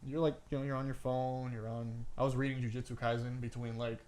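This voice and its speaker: In a fairly quick, slightly mellow mid-range voice with little pitch movement, this podcast co-host rambles through a long story. He keeps saying "like" and "I'm like," swears casually, and throws in "bro."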